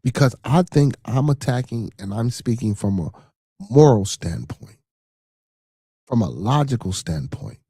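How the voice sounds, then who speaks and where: A man's voice: mid-range voice, lively intonation, measured pace, mellow, husky, dry recording, studio quality. A man hosting a podcast in casual livestream talk, reading viewer comments and news aloud, profane and repeating "you know what I'm saying.". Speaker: podcast host.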